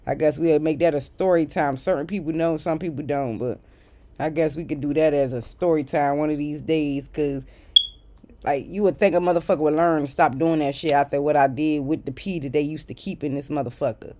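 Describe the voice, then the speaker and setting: Woman venting on her vlog, cussing nonstop, blunt and fed up, gets loud then mutters under her breath. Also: sits low. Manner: profane, blunt and exasperated, talking straight to viewers; swings between loud outbursts and muttered asides. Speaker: vlogger. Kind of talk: casual storytime rant.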